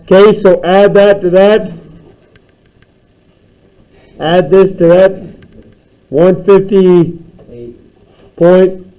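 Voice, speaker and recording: A man runs a math class in a classroom, turning problems into silly tall tales about his students. His voice sits a little high, with a dark, mellow tone. He keeps it playful and teasing. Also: little pitch movement, extremely slow, pauses often, dull audio. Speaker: math teacher. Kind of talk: classroom teaching with comic story problems.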